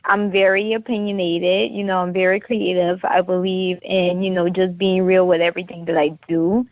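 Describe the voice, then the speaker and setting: A woman from the Carolinas answers interview questions in an easygoing way, full of "you know"s. Her voice has a gravelly, fried edge. The sound is muffled and dry, with no room around it. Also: lowish voice, level tone, moderate pace, no room sound. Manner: easygoing, filler-heavy talk with lots of "you know". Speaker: interview guest, fashion designer.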